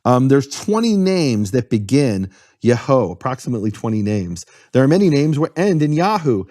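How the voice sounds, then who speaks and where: A man's voice: medium pitch, sing-song, moderate pace, mellow, no room sound. Dry, earnest man explaining. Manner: earnest, explanatory, spells out terms. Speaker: guest explaining Hebrew. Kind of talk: conversational explanation.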